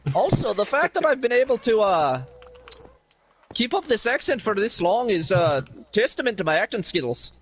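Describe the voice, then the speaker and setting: Man putting on a cheeky stage-Irish voice; high, lively, rambling. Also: moderate pace, exaggerated voice, poor audio. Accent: put-on Irish. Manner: joking, stammering restarts. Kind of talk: gaming stream chat.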